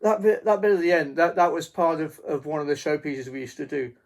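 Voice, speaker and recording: A man teaching a beginner drum lesson in a halting way, with many fillers and restarts, counting beats aloud. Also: a little high, steady tone. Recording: faint noise with drum pad clicks.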